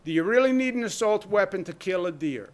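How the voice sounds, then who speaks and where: A man delivers a governor's press briefing in a fairly high voice, pressing each point with emphasis. He fires off rhetorical questions and lets deliberate pauses land. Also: expressive.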